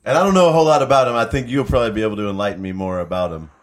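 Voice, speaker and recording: A man's voice: fairly low pitch, very fast. A man hosting a podcast in laid-back casual chat, full of "like" fillers. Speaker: podcast host.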